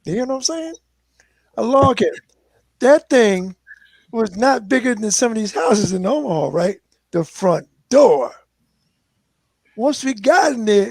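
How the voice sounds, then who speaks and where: Older male guest musician, high gravelly voice, dry sound, lively storyteller. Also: measured pace, pauses often, no echo. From Philadelphia. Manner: animated, acts out quoted voices. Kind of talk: casual storytelling.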